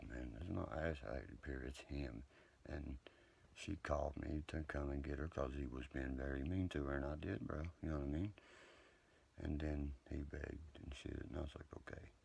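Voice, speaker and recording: A man's voice: a bass voice, vocal fry, a little mellow, slight background noise. A man rambling at night on a live stream, profane, boastful and heated. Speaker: livestreamer talking to viewers. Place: indoors at home, late at night.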